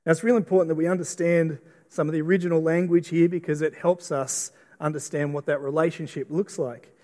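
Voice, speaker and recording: Australian pastor preaching in a church hall. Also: male voice, fairly high pitch, steady tone, a little fast, dark tone. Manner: earnest, repeats and restarts words. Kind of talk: sermon. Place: church auditorium. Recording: long reverb of a church hall.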